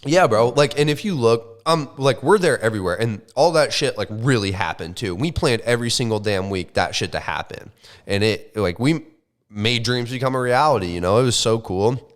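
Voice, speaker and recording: A young man on a podcast, telling a casual, animated story full of swearing and slang. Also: mid-range voice, moderate pace. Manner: animated, swears often, says like and bro. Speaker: podcast co-host.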